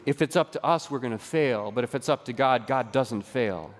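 A man preaching a sermon as pastor, lively and conversational, drawing the congregation into a call-and-response exercise. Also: medium pitch, normal speed, long reverb tail, a little hiss or hum. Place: church sanctuary.

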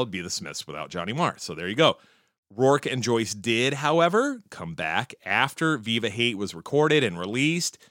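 A man talking in a casual, opinionated monologue about music history, swearing often and jumping up in pitch whenever he gets excited. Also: no room sound, clean studio sound. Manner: profane, opinionated and animated, with frequent swearing; pitch jumps high when excited.

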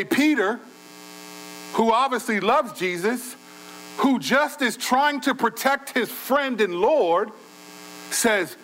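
High-voiced man preaching with loud and soft swings. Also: lively intonation, moderate pace, a little hiss or hum, poor audio. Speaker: pastor. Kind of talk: sermon.

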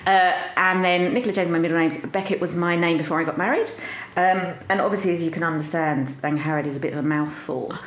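Lower-voiced South London woman, echoey. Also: fast talker, a little hiss or hum. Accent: South London English. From South London, England. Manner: chatty, laughs often, playful banter. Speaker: podcast guest. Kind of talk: casual chat.

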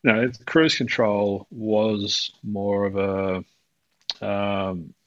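A man's voice: on the low side, fairly even intonation, drawn-out words, a bit bright, dry recording, dull audio. Rambling, laughing male coach on a podcast. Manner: rambling, laughs often, acts out quoted voices. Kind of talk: casual podcast conversation.

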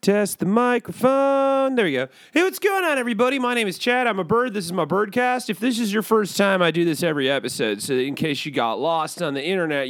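A rambling, excitable male bird hosting his own podcast, as a man puts him on. He swears casually and wanders off topic in a slightly raised voice. The sound is close and dry, with no room around it. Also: sits high, clear, resonant tone, no room sound. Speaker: podcast host. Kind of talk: comedic character podcast.

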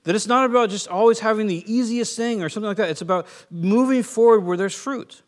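High-voiced man giving a casual sermon. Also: fast. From California. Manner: conversational, joking, acts out quoted voices. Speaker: pastor.

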